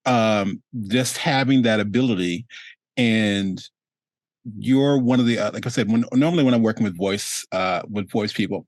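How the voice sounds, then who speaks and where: A man's voice: lowish voice, normal speed, no echo. A male host chatting casually on a video call, rambling and restarting his sentences and laughing often. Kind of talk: casual chat.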